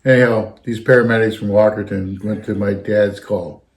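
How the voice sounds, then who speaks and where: Man, fairly low pitch, casual storytelling, rambling and anecdotal. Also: steady tone, moderate pace. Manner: rambling, anecdotal, keeps circling back with "anyhow". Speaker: retired fire captain telling stories.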